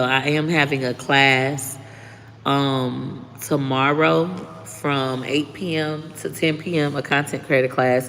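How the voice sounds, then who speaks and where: A woman's voice: extremely low pitch, vocal fry. A woman chatting casually to viewers on her live stream, talking bluntly and candidly, swearing freely and thanking commenters often. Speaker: livestreaming content creator. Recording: reverberant room with faint background noise.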